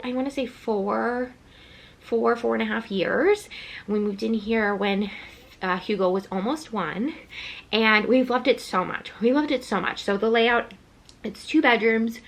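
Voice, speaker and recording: Breathless, chatty woman vlogger with vocal fry. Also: medium pitch. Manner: chatty and excited. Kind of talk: casual chat to camera.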